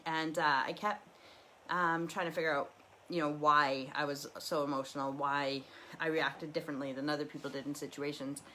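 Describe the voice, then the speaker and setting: A woman's voice: low-pitched, flat delivery, normal speed, sharp tone, a little hiss or hum, low-quality recording. A middle-aged woman talking candidly and rambling from her living room as host of a live stream. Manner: rambling, candid, lots of restarts. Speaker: livestream host. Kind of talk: casual personal talk.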